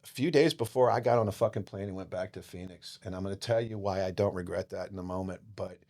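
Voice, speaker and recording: A man in his fifties, a podcast guest telling stories in a casual, profane, animated way. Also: sits low, quick pace. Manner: profane, animated, acts out quoted voices. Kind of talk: casual storytelling chat.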